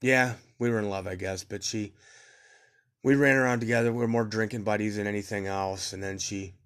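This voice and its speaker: A man's voice: on the low side, fairly even intonation, brisk, a bit bright. A man telling rambling stories about his youth in a casual podcast memoir, swearing freely and laughing at his own tales. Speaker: podcast storyteller.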